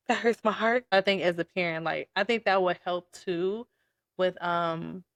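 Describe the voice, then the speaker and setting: A woman's voice: lowish voice, a little slow, no room sound. A young woman hosting a casual podcast chat, an empathetic listener who speaks openly about motherhood. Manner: warm, empathetic listener, emotional. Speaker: podcast host.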